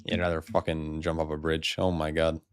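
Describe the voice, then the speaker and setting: Low-pitched American guy, laid-back game streamer, swears freely, dry close-up sound. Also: monotone, brisk, smooth, dry recording. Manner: loose, rambling, swears a lot, laughs often. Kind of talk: casual live-stream chat.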